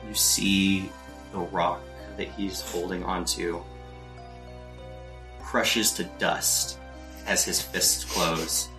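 Low-voiced man narrating as game master. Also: level tone, music in the background. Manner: descriptive, measured storytelling.

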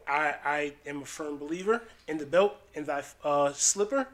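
A somewhat high man with a bright voice chats as a podcast guest. He talks in a relaxed way, pausing with fillers as he thinks. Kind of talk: casual chat.

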